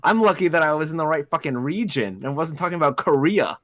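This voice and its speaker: A man's voice: on the high side, lively intonation, quick pace, a bit bright, no room sound. A man from the United States, co-hosting a casual livestream, joking and swearing often. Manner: profane, joking. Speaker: co-host.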